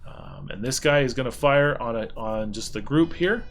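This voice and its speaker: Brief: laid-back male game master, mid-pitched, faint music underneath. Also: moderate pace. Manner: relaxed narration with many "um"s. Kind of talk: narrating a tabletop game.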